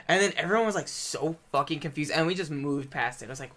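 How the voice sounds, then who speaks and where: Bright-voiced young man, loose chatter. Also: fairly high pitch, fairly even intonation, brisk. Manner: laid-back, swears freely, retells stories in quoted voices. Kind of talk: casual chat.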